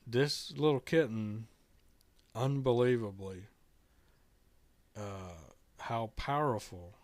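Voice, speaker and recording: A middle-aged man tells a story to camera at an unhurried, drawn-out pace. His fairly low voice is gentle and earnest, stopping and restarting sentences. The sound is dry and close. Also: no echo. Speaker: vlogger telling a kitten rescue story.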